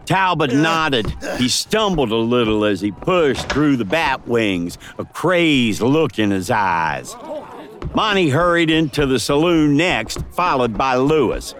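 Expressive male audiobook narrator. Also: medium pitch, slow pace, slight background noise. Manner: dramatic, expressive storytelling. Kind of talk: scripted western audiobook narration.

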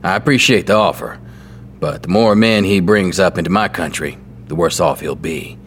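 Actor voices a terse, deep-voiced frontier gunfighter with a plain drawl. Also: male voice, moderate pace, slight background noise, natural voice. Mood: dry, calm. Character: tough laconic male gunfighter, dry humor. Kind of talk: audio drama acting.

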